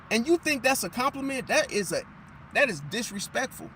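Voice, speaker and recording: Guy with a high voice ranting about star signs, keeps saying see?, going hoarse, faint traffic noise outside. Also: fairly quick. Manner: animated, emphatic, repeats "see?"; drops into mocking impressions of others. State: losing his voice. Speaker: astrology commentator. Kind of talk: casual monologue.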